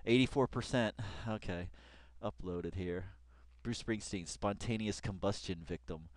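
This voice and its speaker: A man's voice: fairly low pitch, unhurried, no room sound, studio quality. A man giving casual read-along commentary as he reacts to an online article, rambling, laughing often and swearing freely.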